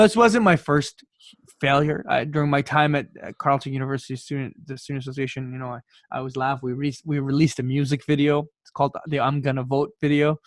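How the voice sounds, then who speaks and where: A Canadian man in his twenties, a podcast guest telling his story in an animated way and often repeating words as he starts a sentence. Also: mid-range voice, no echo. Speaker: podcast guest, youth speaker. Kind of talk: storytelling in conversation.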